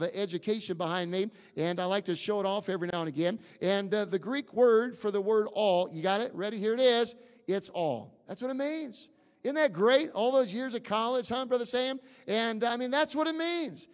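A male pastor with a very high voice preaches in a church sanctuary, his words ringing in a long hall reverb. He quizzes the congregation, stumbles through fillers and restarts, and builds up to near shouts. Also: normal speed. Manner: emphatic, questioning the congregation, rising to near shouts. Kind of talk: sermon.

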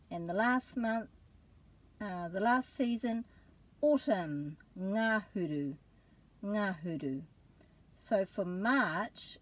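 A woman's voice: medium pitch, a little mellow. A woman teaching pronunciation, carefully sounding out words syllable by syllable in a patient lesson. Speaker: language teacher.

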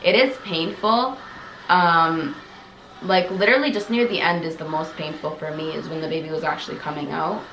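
A young Canadian vlogger chats casually with her viewers, peppering her talk with "like" and "you guys." Her voice is low-pitched and a bit bright, at a moderate pace, recorded in an echoey room with faint background noise.

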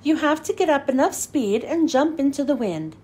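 Male reindeer coach voiced by a woman, brisk, instructive, storybook read-aloud. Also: sits high, animated, a little mellow.

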